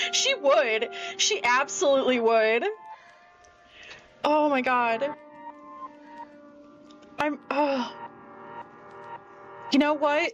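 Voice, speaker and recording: A woman's voice: sits high, very slow, long pauses, fairly bright tone. A woman streamer giving casual gaming commentary, anxious and rambling, with frequent exclamations, over a dull lo-fi mic and faint music.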